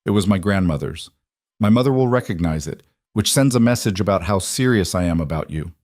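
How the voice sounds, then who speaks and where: A man voicing a calm, controlled mafia boss who speaks low and evenly. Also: fairly quick, no room sound, studio quality.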